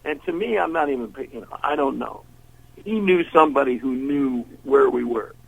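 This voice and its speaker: Older male blues singer, gravelly and husky, rambling storyteller who acts out every voice in his anecdotes. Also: mid-range voice, animated, moderate pace, poor audio. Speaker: blues singer, interview guest. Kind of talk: casual storytelling interview.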